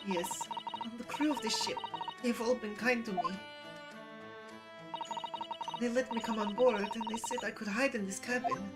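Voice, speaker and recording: A woman doing a young runaway ballerina whose high, trembling voice pleads to be believed in a game scene. Her words come out earnest and desperate, with loud music playing behind. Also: steady tone, fairly quick, natural voice.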